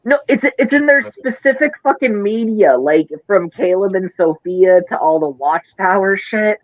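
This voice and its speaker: A man's voice: high-pitched, expressive, moderate pace, no echo, dull audio. A man with a Midwestern accent, co-hosting a casual podcast chat, rambling and swearing as he gets flustered. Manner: rambling, profane, flustered ranting. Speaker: podcast co-host.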